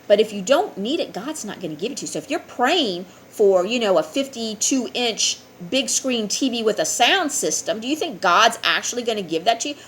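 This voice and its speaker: A woman's voice: a little high, expressive, brisk, few pauses, fairly bright tone, slight background noise. A woman teaching a spiritual class, talking earnestly and often checking in with her listeners. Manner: earnest, keeps asking "okay?". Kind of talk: informal spiritual lesson.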